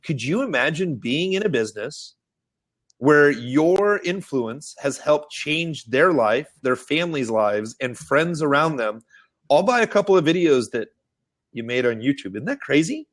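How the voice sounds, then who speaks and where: A man hosting a marketing webinar, telling stories in a lively, animated way and acting out the people he quotes. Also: a little slow. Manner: animated storyteller, acts out quotes in high excited voices. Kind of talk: casual webinar talk. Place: Austin.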